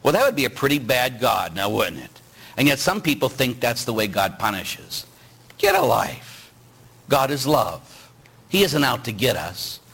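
A man's voice: mid-range voice, big pitch swings, a little slow, vocal fry, a bit bright, breathy edge, low-quality recording. A middle-aged man, a priest, preaching a sermon with rhetorical questions and acted-out voices. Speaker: Catholic priest.

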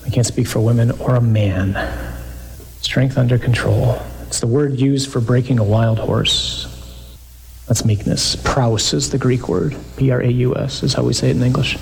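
A man's voice: mid-range voice, vocal fry, slight background noise. A man preaching a sermon, reading scripture aloud and explaining it with emphasis and jokes. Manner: animated, emphatic, jokes with the listeners.

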